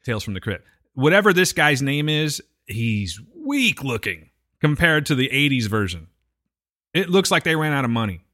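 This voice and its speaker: A man co-hosting a podcast in relaxed, casual chat. His voice is bright and forward, and it moves around a lot in pitch. He talks in a laid-back, frank way and keeps throwing in dude. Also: moderate pace. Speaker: podcast co-host.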